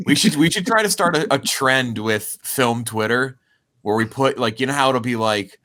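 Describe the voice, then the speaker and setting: A man's voice: mid-range voice, normal speed, fairly bright tone. A man co-hosting a movie podcast, blunt and incredulous in casual chat. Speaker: podcast co-host.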